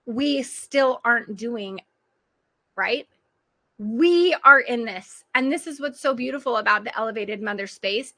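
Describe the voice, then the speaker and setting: A woman's voice: high-pitched, sharp tone. A woman coach giving an earnest motivational talk on a group call, speaking straight to her listeners and laughing often. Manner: earnest, direct address to listeners, frequent laughter. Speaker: parenting and life coach.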